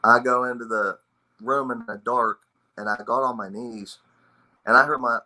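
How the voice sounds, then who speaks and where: A man's voice: medium pitch, fairly even intonation, moderate pace, sharp tone, rough recording. A man who is a military veteran in recovery, telling his story of addiction and hope in a raw, blunt, emotional way, swearing often. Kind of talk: personal recovery testimony.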